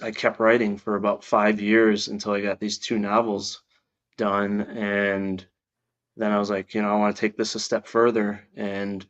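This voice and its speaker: Low, flat-voiced man on muffled audio. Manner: earnest, reflective, halting restarts. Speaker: author guest. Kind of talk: interview answers.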